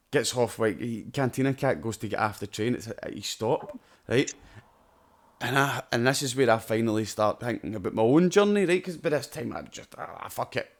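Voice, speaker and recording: A man with a Scottish accent co-hosting a podcast, telling rowdy stories and swearing freely. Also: mid-range voice. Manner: swears freely, loud and laughing while telling anecdotes. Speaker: podcast co-host. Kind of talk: casual chat, storytelling.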